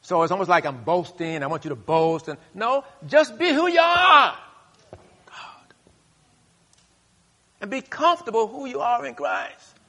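Male pastor, sermon, call-and-response, bright voice, long hall reverb. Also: animated, moderate pace, long pauses. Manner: call-and-response preaching, rising to loud high bursts. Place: church sanctuary.

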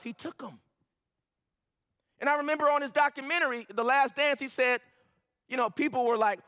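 High, bright-voiced preacher man in a hall. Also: normal speed, long pauses. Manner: preaching, building to emphatic peaks with repeated phrases. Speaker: pastor. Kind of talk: sermon.

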